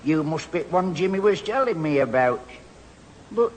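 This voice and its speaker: A man's voice: on the high side, expressive, moderate pace, natural voice. A man playing a cheery old grandad. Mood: jovial. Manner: folksy, good-humoured. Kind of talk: 1970s radio comedy acting. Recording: old radio recording, hall reverb.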